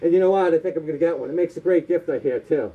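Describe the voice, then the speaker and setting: A man's voice: a little high, breathy edge. A man doing stand-up comedy, rattling off long tongue twisters and sounding out of breath. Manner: rapid tongue-twister patter with silly punchlines. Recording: tinny phone-like sound.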